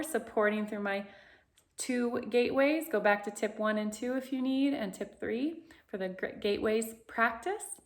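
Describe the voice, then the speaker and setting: A woman voice coach leading a guided vocal exercise lesson, speaking in slow, soothing instructions and singing vowel sounds to demonstrate. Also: fairly high pitch.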